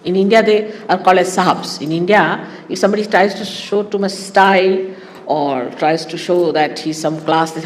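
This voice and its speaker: A woman giving a spiritual talk to her followers in an animated, teasing way, often laughing. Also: medium pitch, brisk, big-room sound, slight background noise. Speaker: spiritual teacher.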